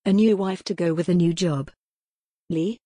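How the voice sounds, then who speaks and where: Woman reading a gothic novel aloud, lowish husky voice, dry close sound. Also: brisk, warm tone, no room sound. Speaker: audiobook narrator. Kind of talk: scripted narration of a gothic novel.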